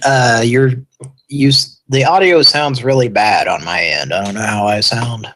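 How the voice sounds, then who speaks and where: A man co-hosting a casual internet talk show, trading dry deadpan jokes. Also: medium pitch, unhurried. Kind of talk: casual chat.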